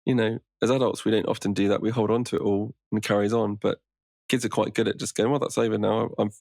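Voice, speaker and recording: Gravelly low-voiced man, dry sound. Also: fairly even intonation, fast, a little mellow, dry recording. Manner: easygoing, rambling with restarts. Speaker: podcast guest, meditation teacher. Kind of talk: casual conversation.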